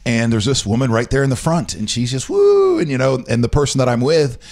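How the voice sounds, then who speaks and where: A man co-hosting a casual chat show, an animated storyteller who acts out quotes and laughs often. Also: medium pitch, quick pace. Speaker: co-host.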